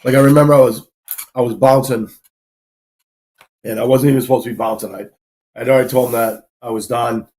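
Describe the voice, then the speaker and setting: A man's voice: medium pitch, steady tone, a little fast, long pauses, darkish tone. A man, a former bouncer, guesting on a show and telling stories in a casual, rambling way full of fillers and swearing. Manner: profane, rambling, filler-heavy. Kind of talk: casual storytelling.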